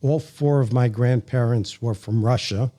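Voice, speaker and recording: New York man, mellow, wry guest storyteller. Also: mid-range voice, measured pace. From New York, Bronx. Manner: leisurely, chatty storyteller, wry humor. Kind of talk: casual interview chat.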